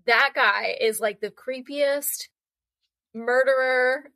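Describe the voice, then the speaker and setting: A young woman guest on a podcast, telling animated, chatty anecdotes and acting out voices as she goes. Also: high-pitched, slow, creaky, dry recording. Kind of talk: casual storytelling conversation.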